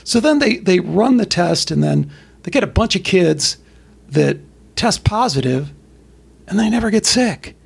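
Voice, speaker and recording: Gravelly, husky high-voiced man. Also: measured pace. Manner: blunt, profane, animated storytelling. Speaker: podcast guest. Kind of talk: casual conversation.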